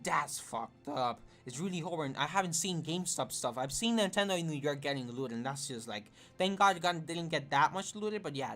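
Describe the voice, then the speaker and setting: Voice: medium pitch, fairly bright tone. A streamer speaking earnestly to a live chat, emotional and close to tears, rambling with many fillers and restarts.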